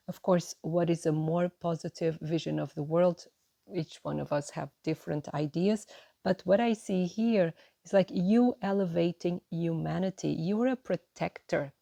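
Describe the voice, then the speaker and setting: A woman giving a gentle, encouraging tarot reading to her viewers, often checking in with "right?" and "you know". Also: on the low side, creaky, no echo. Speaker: tarot reader.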